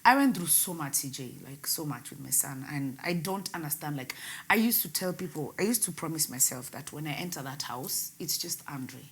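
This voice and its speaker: In an interview, a young woman tells her painful personal story, her voice lurching between loud outbursts and hushed words. She has a low voice with lively intonation at a moderate pace. Speakers are the guest and a radio host.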